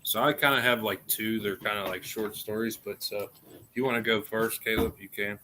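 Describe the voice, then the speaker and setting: A man's voice: on the low side, steady tone, moderate pace, noisy background. A man co-hosting a live stream, chatting bluntly and joking about trade work, with plenty of swearing. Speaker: co-host and tradesman. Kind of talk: casual live-stream chat.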